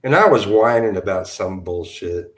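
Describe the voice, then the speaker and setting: A man's voice: sits low, animated, moderate pace. A drunk man who is a guest on a live audio panel, telling stories with a laughing, profane, easygoing manner. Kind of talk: casual storytelling. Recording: roomy echo.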